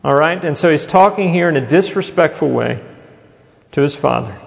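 A male pastor delivers a sermon with a conversational touch, tossing rhetorical questions out to the pews. His voice sits a little high for a man. The sound rings out with a long reverb, like a spacious church sanctuary. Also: animated, moderate pace, creaky. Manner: conversational preaching, asks the congregation rhetorical questions. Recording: long reverb in a large hall.

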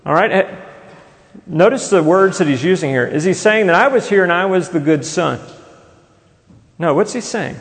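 A man's voice: sits high, expressive, moderate pace, long pauses. A male pastor preaching a sermon in a conversational way, often putting rhetorical questions to his congregation. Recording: long reverb in a large hall.

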